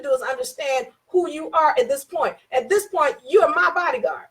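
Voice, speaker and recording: A woman's voice: sits high, expressive, normal speed, few pauses. A woman giving an informal talk on contract rights. She tells a personal story, repeats herself for emphasis and acts out both sides of the dialogue.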